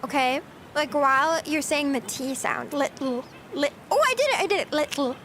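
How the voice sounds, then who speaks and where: A woman's voice: high-pitched, sing-song, normal speed, very noisy. A woman streamer chatting casually with her live chat, giggly and talkative, answering questions as she goes.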